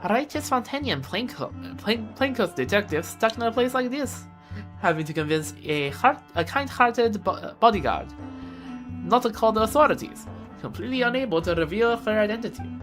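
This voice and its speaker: A woman's voice: medium pitch, lively intonation, moderate pace, faint music behind, voice pushed up, close to an everyday voice. A woman voicing a sly female merchant in a put-on Slavic accent, teasing and stumbling over some words while reading game dialogue aloud.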